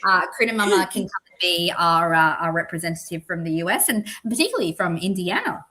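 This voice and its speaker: A woman's voice: lowish voice, expressive, fast, sharp tone. A woman, hosting a casual livestream chat and laughing often. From Australia. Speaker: podcast host.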